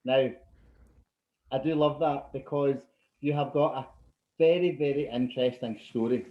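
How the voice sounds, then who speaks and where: A man's voice: medium pitch, fairly even intonation, normal speed. Scottish man hosting in an echoey room. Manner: warm-hearted, enthusiastic, laughs often. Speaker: podcast host. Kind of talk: casual interview chat. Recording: roomy, dull-sounding mic.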